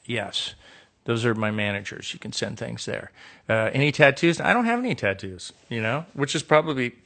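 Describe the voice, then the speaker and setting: A man's voice: medium pitch, animated, moderate pace, fairly bright tone. A middle-aged American man chatting alone on a phone live stream, reading out fan questions and riffing on them with dry, sarcastic jokes. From United States. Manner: reads questions aloud and riffs with dry, joking sarcasm. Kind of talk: casual solo live stream chat. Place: indoor room with a window.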